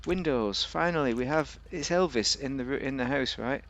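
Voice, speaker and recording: Guy chatting over gameplay, rambly and jokey, mid pitched voice. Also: moderate pace, fairly bright tone. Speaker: game video host. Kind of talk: casual game car review commentary.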